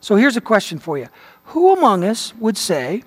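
A man's voice: high voice, wildly swooping pitch, normal speed, husky, in a large hall. A man preaching and teaching a sermon, reading quotations aloud and stressing key words. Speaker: pastor.

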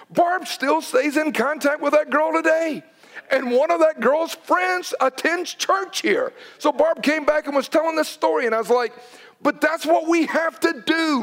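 A man's voice: very high-pitched, unhurried, a bit bright. A man, preaching a sermon as pastor and telling stories with quoted dialogue and urgent emphasis.

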